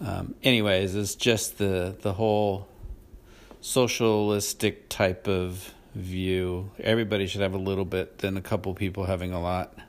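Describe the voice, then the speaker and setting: Rambling, cussing man hosting a podcast. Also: on the low side. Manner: rambling, profane, self-deprecating. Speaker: podcast host. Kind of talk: casual political monologue.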